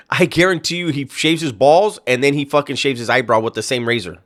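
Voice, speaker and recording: A man's voice: medium pitch, moderate pace, a bit bright. A man hosting a reaction video, talking casually with a mocking, incredulous tone and heavy swearing. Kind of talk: casual profane reaction commentary.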